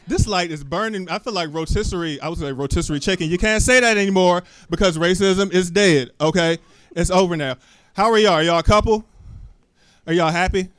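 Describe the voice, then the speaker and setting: A man's voice: high-pitched, a bit bright, clean tone, dry recording. Loose, chatty male stand-up comic. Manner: loose, chatty, asks the crowd lots of questions, cusses freely. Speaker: stand-up comedian. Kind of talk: live stand-up set with crowd work. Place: small comedy club stage. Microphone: handheld stage mic.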